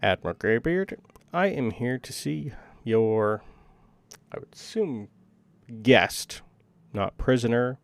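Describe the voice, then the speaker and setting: Guy doing formal admiral voice, measured, gravelly. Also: mid-range voice, expressive, no room sound.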